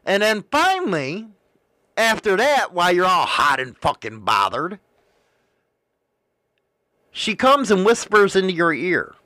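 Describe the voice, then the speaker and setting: Guy rambling through a dirty story, swears nonstop, high voice that swings all over. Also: sing-song, unhurried, long pauses, pushed and bright, no room sound, clean studio sound. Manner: crude, profane, rambling. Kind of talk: casual storytelling.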